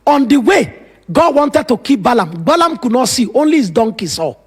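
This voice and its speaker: A man's voice: very high voice, big pitch swings, moderate pace, husky. A man preaching a sermon as pastor, telling Bible stories with dramatic, emphatic asides.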